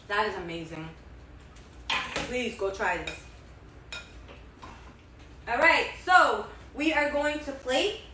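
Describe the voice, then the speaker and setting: In her echoey home kitchen, a woman runs her own cooking vlog, chatting enthusiastically and repeating herself while she cooks and tastes. Her fairly high voice moves slowly with frequent pauses, captured by a far-off mic amid background noise.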